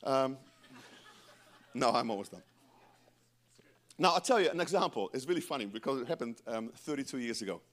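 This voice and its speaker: A middle-aged man preaching a sermon in church, animated and breaking into joking asides to the congregation. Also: medium pitch, moderate pace, pauses often. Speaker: pastor.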